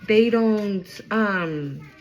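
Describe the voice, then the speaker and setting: Excitable woman giving a spiritual reading. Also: mid-range voice, highs cut off, background noise. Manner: emphatic, chatty, casual swearing; excitable, quick swings in loudness. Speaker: intuitive card reader. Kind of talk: casual spiritual reading to camera.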